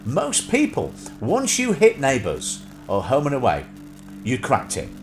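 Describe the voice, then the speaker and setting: A man's voice: medium pitch, huge pitch swings, measured pace. A man in his thirties hosting a live stream, chatting in a casual, rambling way with many fillers and restarts. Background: music.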